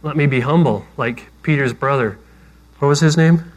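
A man's voice: on the high side, normal speed. A man preaching a sermon as pastor, talking conversationally with self-deprecating jokes.

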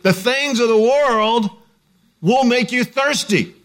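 A man's voice: extremely high pitch, takes it slowly, fairly bright tone. A man preaching a sermon in a conversational, joking storytelling way. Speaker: pastor.

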